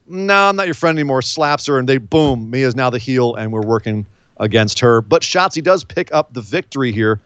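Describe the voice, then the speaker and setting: A man's voice: mid-range voice, dry recording. Joking man recapping wrestling, lo-fi. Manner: joking, rambling, animated. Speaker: podcast co-host. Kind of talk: casual wrestling recap chat.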